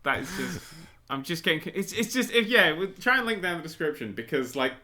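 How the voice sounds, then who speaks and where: Brief: British male co-host, high, lively pitch and a very bright voice, laughs a lot. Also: fairly quick. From Britain. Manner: giggly, self-deprecating. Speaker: podcast co-host. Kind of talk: casual chat.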